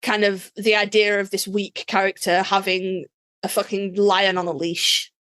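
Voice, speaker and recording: A woman talks as a podcast co-host in loose, casual chat. Her voice sits at a middle pitch. She is playfully opinionated and peppers her talk with swearing. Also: flat delivery, a little slow, a bit bright. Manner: chatty, profane, playfully opinionated.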